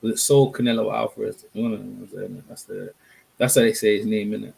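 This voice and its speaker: A man's voice: on the low side, fairly even intonation, fairly quick, vocal fry, darkish tone, husky. A man hosting a casual boxing live stream, rambling and chatting with his viewers. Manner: rambling, chatty, talks to viewers, self-corrections.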